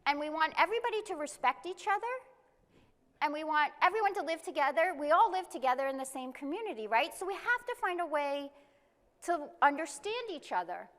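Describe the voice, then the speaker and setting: A woman giving a live presentation to an audience, explaining things step by step and reading example statements aloud slowly. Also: high voice, lively intonation, fairly bright tone, long reverb tail. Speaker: conference presenter. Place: conference room.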